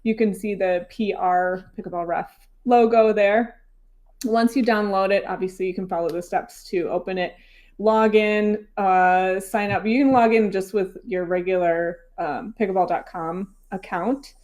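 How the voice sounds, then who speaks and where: A woman's voice: medium pitch, steady tone, a little slow, a little mellow. A woman hosting an interview, asking questions and walking through an app in a chatty, informal way with fillers like "um" and "like". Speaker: interviewer, host. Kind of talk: casual interview and software walkthrough.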